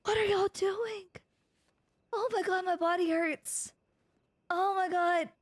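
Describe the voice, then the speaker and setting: A young woman streaming a roleplay game, excitable and overwhelmed, swearing as she reacts to her chat. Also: very high voice, slow.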